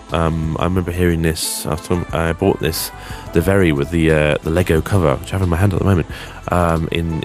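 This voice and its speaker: A man hosting a casual solo podcast, rambling and hesitant with frequent ums, then turning blunt and sweary. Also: low-pitched. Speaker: podcast host.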